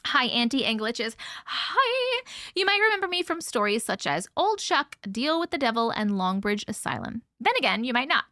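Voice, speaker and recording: Woman host, chatty livestream story reader; bright, lively voice, dry close sound. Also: on the high side, fairly quick, few pauses, no echo. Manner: chatty, laughs often, swears casually. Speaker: host reading viewer stories. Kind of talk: casual livestream chat and story reading.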